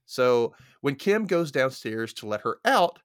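A man hosting a podcast, recapping a movie in casual chat as an animated, laughing storyteller. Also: medium pitch, measured pace, dry recording, clean studio sound. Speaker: podcast host.

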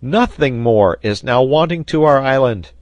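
A man voicing a hearty, excitable sailor who exclaims loudly and jumps high in pitch. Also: unhurried, no echo, muffled recording. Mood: excited. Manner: loud, exclamatory, voice leaping high. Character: hearty excitable middle-aged male sailor.

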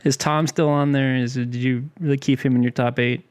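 A man's voice: medium pitch, level tone, fairly quick, a little mellow, clean tone. A man co-hosting a podcast in casual banter, dry and teasing with a mock-snobbish edge. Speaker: podcast co-host.

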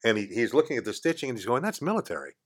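Older man spinning a lively studio yarn. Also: medium pitch, racing, husky. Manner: animated, acts out quoted voices, chuckles mid-story. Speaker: podcast guest. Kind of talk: casual storytelling. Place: radio studio.

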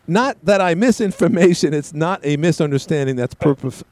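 A male talk radio host chats loosely on air, his pitch rising and falling a lot as he goes. He rambles, stumbles and restarts his sentences, and he talks over his callers. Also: animated, fairly quick, darkish tone, no room sound. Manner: interrupts callers. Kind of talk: casual talk radio chat.

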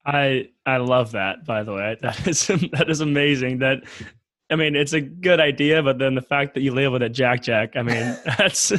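A man's voice: mid-range voice, moderate pace, a bit bright, no room sound. A man hosting a podcast, reacting with easy laughter and enthusiastic, trailing remarks. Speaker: podcast host. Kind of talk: casual interview chat.

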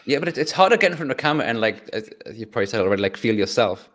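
A man's voice: medium pitch, lively intonation, a bit bright, a little hiss or hum. A man hosting a casual podcast interview, often repeating words as he talks. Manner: quick, stammers with repeated words. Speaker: podcast host.

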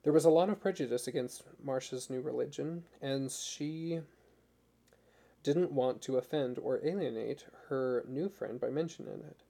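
A man narrating a story as an audiobook in a measured, even way. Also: medium pitch, gravelly.

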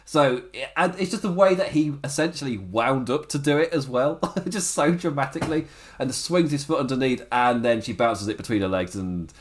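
A man co-hosting a casual podcast chat, retelling scenes with frequent laughter and quick acted quotes. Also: mid-range voice. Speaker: podcast co-host. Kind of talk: casual chat recapping a wrestling show.

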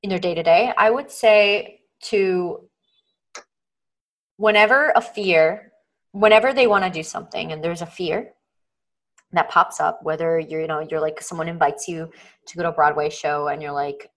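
A woman with a slightly low voice speaks as a podcast guest over a video call. She talks earnestly, with lots of "like" and "um", and acts out little inner voices as she goes. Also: normal speed, a bit bright, poor audio. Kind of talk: casual interview chat.

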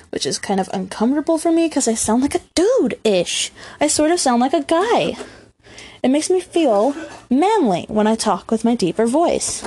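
A woman's voice: high-pitched, sing-song, moderate pace, dark tone, breathy edge. A young woman with a youthful, girlish voice, chatting casually and rambling on her own podcast, laughing often. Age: young adult. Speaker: podcast host. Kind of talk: casual solo chat. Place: room at home.

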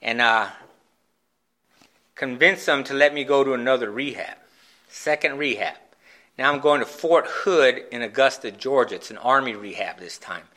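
A man telling his own recovery story in a candid, self-mocking way, with halting restarts. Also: mid-range voice, sharp tone. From Phoenix, Arizona, USA. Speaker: speaker sharing a recovery story. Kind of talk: personal storytelling talk at a recovery meeting.

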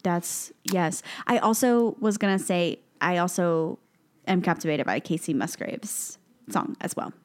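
A woman's voice: fairly low pitch, animated, unhurried. A young woman with a Southern American accent co-hosting a podcast, bubbly and giggly, often repeating herself. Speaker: podcast co-host. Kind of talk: casual chat.

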